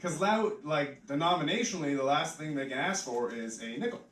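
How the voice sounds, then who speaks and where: Male stand-up comic with a rambling, offhand delivery, slightly high voice, heard from afar in a roomy pub. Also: expressive, brisk, a bit bright, recorded from a distance. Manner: rambling and offhand, full of "like" fillers. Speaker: stand-up comedian. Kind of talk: live stand-up comedy. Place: pub stage, live audience.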